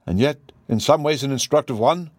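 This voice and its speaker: A man reading the lines of a keen, methodical detective, measured and explaining. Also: mid-range voice, no room sound, clean studio sound, pitched above the performer's own voice, natural voice. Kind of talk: audiobook dialogue reading.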